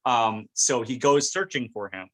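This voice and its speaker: A man's voice: medium pitch, unhurried. A man hosting a podcast, casually and animatedly recapping an episode scene by scene. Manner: animated storytelling, recounting scenes. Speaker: podcast host.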